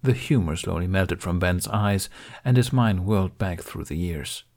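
Low-voiced man reading a story. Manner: measured, even storytelling. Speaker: reader. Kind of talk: scripted fan fiction narration.

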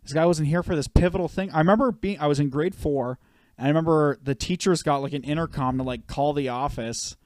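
Talking fast in a slightly high, darkish voice, a Canadian podcast co-host in his thirties rambles through stories and swears a lot. It's casual chat, captured in a dry recording.

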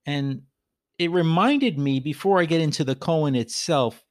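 A man's voice: a little high, a little slow, no echo, studio quality. Earnest man giving a reflective talk. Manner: earnest, repeats phrases for emphasis. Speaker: podcast host.

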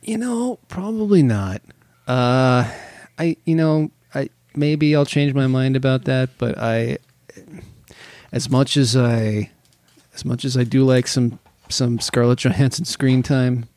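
A man talks casually on a podcast, swearing and joking in an exasperated rant. His voice sits at an ordinary pitch and sounds close and dry. The talk is loose and unscripted. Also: slow pace, a little mellow, dry recording. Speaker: podcast co-host.

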